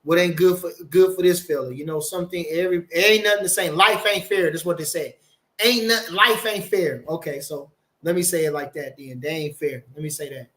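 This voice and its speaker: A man's voice: a little high, brisk, fairly bright tone. A man hosting a casual boxing live stream, rambling and emphatic, cursing freely and reading viewer comments aloud. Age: older. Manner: swearing, rambling, emphatic, reads chat aloud. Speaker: boxing channel host.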